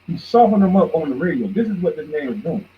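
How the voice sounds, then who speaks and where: A man rants on his podcast in a fairly high voice, heated and mocking, lurching between loud jabs and low grumbles. The recording is dull and lo-fi, with a faint hiss underneath. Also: animated, fast talker. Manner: heated, mocking, swings between shouts and mutters. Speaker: podcast host. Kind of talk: profane ranting commentary.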